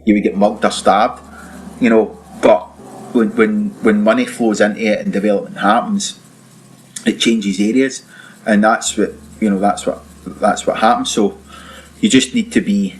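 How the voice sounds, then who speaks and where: Scottish man, low voice, casual podcast guest, halting and meandering, faint background noise. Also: fairly even intonation, poor audio. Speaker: guest, property developer.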